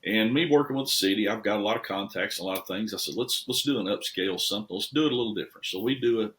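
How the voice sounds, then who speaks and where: A middle-aged Tennessee man who owns a restoration shop tells stories as a podcast guest, talking very fast in a fairly low, fairly bright voice. His casual chat rambles, and he repeats words.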